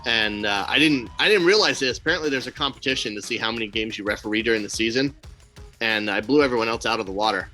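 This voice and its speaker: Faint music sits behind a man whose mid-range voice moves fast. Co-hosting a relaxed podcast, he's an animated storyteller who acts out quotes and drops blunt asides full of swearing.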